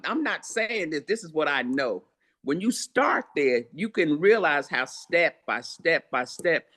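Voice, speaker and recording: Casting: older woman, memoir author guest, earnest, repetitive, preacherly rhythm. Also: deep voice. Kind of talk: heartfelt interview answers.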